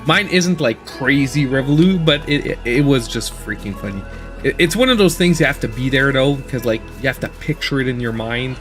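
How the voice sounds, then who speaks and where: A man hosting a gaming livestream who tells stories in a casual, animated way and laughs often while he plays. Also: mid-range voice, moderate pace, faint music behind. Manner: animated storytelling, laughing often, mimicking voices. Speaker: gaming channel host.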